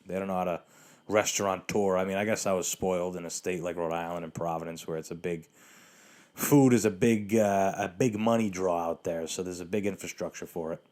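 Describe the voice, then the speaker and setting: Rambling sarcastic man, low voice. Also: fairly even intonation, a little fast, a little mellow. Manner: rambling, sarcastic, profane, with many restarts and fillers. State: hiccuping. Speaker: podcast host. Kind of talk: solo podcast rant.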